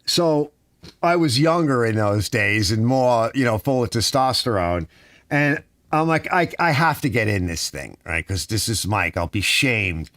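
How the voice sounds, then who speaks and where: A middle-aged man chatting on a relaxed live stream, rambling from one story to the next and tossing in "right?" and "you know" all the time. His pitch swings a lot as he talks, rising high when he gets worked up. The sound is dry and close, with no room around it. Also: unhurried, dry recording. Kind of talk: casual live-stream chat.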